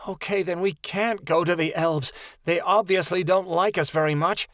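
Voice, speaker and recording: A wounded young girl in a fantasy audiobook, stubborn and a little whiny, her voice pitched high and strained with pain, as a man puts her on. The reading is dry and close, with no room sound. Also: steady tone, moderate pace, a bit bright, no echo. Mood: hurt, stubborn.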